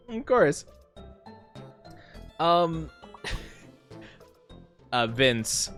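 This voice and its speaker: Excitable, rambling young man, giggling. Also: a little high, very slow, long pauses, soft background music. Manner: excitable, rambling, laughs often, self-mocking. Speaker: streamer. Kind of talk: casual live-stream chat while playing a word game.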